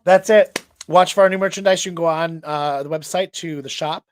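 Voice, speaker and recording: A man's voice: on the high side, steady tone, a little fast, dry recording. A tired man hosting a show, chatting casually in a rambling way with many restarts. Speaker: host.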